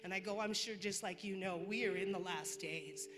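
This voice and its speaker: A woman's voice: medium pitch, moderate pace, background noise. A woman from the congregation telling a personal story, chatty and quoting herself and others. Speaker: church member giving testimony. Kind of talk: personal testimony. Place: church hall. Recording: church hall reverb.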